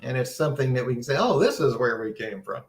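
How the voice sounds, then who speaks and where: A man's voice: medium pitch, lively intonation, fast talker, echoey room. A man giving a casual, earnest Bible seminar talk, teaching conversationally with many restarts and a sense of wonder. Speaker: seminar presenter.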